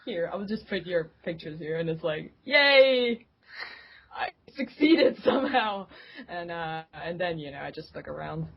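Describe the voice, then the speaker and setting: A young woman chats as a podcast guest, giggling often and slipping into playful voices as she tells a story. Her voice is a little husky, and the lo-fi recording sounds dull. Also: low-pitched, steady tone, fairly quick, hardly any pauses. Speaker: guest, fan site staff member. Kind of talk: casual podcast chat. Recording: dull lo-fi remote audio.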